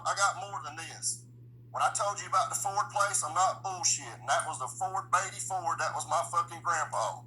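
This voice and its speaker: A man's voice: high-pitched, pushed and bright, a little hiss or hum, low-quality recording. A man from the South, ranting to the camera outdoors on his street, swearing constantly in a blunt, heated way. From Midland, US South. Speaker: vlogger. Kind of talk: angry profane rant to camera.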